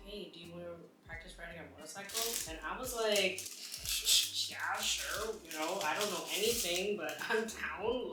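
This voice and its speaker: Young woman, casual storytime vlogger, slightly low voice, animated quoting, very echoey room. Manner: animated, acts out quotes, many fillers. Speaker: mukbang vlogger.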